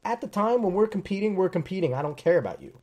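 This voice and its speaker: Animated male sports podcast host. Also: high voice, quick pace. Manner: emphatic, animated storytelling. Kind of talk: casual sports chat.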